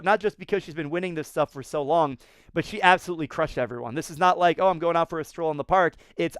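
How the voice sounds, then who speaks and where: A man hosting a swimming race recap, talking excitedly, laughing and often repeating himself. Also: fairly high pitch, clean tone, no echo, clean studio sound. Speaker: swimming analyst host.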